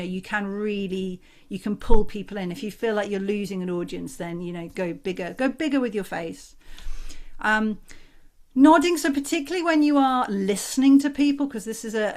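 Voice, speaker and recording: Expressive Northern English woman coach. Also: medium pitch. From Northern England. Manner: expressive, conversational, acts out examples. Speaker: voice and communication coach. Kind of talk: workshop talk on a video call. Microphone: video call.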